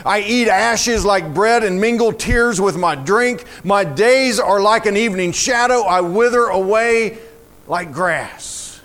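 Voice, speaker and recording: A man with a high-pitched voice preaches slowly and deliberately. He reads scripture with fervent feeling, and his voice climbs on the lines he stresses most. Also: fairly bright tone. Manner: slow, fervent, rising to emotional emphasis. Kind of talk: sermon with scripture reading.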